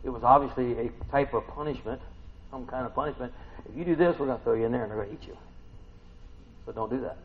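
A man preaching a casual sermon, retelling a scripture story and asking the listeners questions, swinging between loud and soft. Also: medium pitch, fast talker, pauses often, muffled recording.

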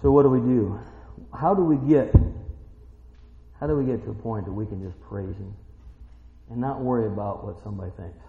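A man preaching a sermon, shifting from quiet scripture reading to shouted, excited praise. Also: on the low side, brisk, pauses often. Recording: echoey hall, dull lo-fi sound.

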